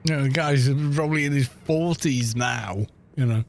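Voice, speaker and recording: A man's voice: mid-range voice, moderate pace, gravelly. A middle-aged British man chatting casually while streaming a game, rambling through anecdotes and swearing now and then. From Britain. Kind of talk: casual chat while gaming.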